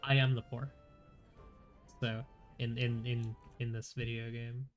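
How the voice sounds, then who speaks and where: A man's voice: medium pitch, little pitch movement, unhurried. A congested man chats through a game stream, joking at his own expense. His voice sits mid-range. Faint game music plays in the background. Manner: chatty, self-deprecating. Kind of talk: casual gameplay commentary.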